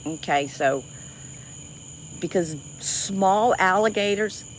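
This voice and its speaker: A woman's voice: mid-range voice, slow pace, a little hiss or hum. A woman from South Louisiana with a Cajun accent, chatting casually with viewers during an outdoor livestream by the water. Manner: chatty, lots of restarts and y'all, laughs easily. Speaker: livestream host. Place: outdoors by a swamp river at night.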